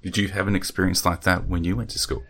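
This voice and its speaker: A man interviewing a guest, asking calm, brief questions. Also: deep voice, quick pace.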